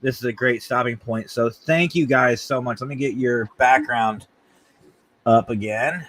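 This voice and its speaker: A man hosting a casual talk show, telling a funny story in an animated, jokey way and acting out voices. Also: mid-range voice, measured pace. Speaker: podcast host.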